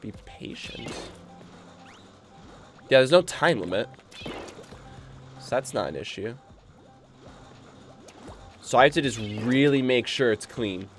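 A man commentating his own gameplay on a live stream, excitable and rambling, easily spooked by the game, with game music behind him. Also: mid-range voice, measured pace, pauses often. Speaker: gaming streamer.

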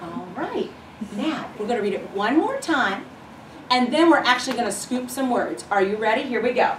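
A woman's voice: fairly high pitch, very animated, moderate pace, very noisy. A woman teaching first grade, leading a shared reading with encouragement and chanted rhythm in a classroom. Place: classroom with children. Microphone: far camera mic. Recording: echoey classroom from far off.

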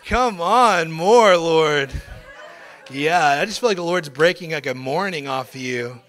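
A young man, a pastor, telling his testimony to a church congregation in a casual, slangy way, at times breaking into loud joyful shouts. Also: on the high side, expressive, a little slow. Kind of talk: testimony sermon. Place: church sanctuary.

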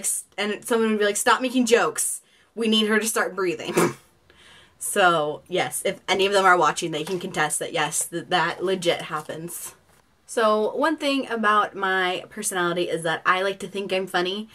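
A woman's voice: lowish voice, sharp tone. A woman in her twenties chatting casually in a get-to-know-me vlog from her bedroom, rambling with lots of fillers and giggles. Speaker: vlogger.

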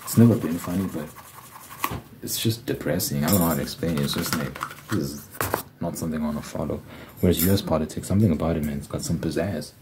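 Young male ASMR host, very low voice, rambling profane chat over heavy background noise. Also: very fast. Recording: loud background noise and clicks.

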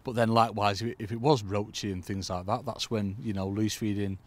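A UK fishing coach gives a laid-back lakeside tutorial in the cold, chatty and fond of saying "folks." His lowish voice is brisk with fairly even intonation, with slight background noise in the recording.

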